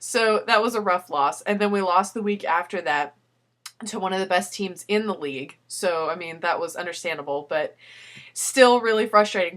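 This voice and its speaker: A woman's voice: medium pitch, fairly bright tone. A young woman chatting casually in a personal video letter, telling a story and breaking into frequent giggles. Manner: giggly storytelling, laughs often.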